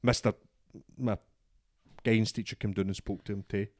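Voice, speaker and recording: A man's voice: fairly low pitch, steady tone, moderate pace, a little mellow, no room sound, studio quality. A young Scottish man telling a story in casual podcast chat, swearing often and acting out both sides of the exchange. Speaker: podcast co-host.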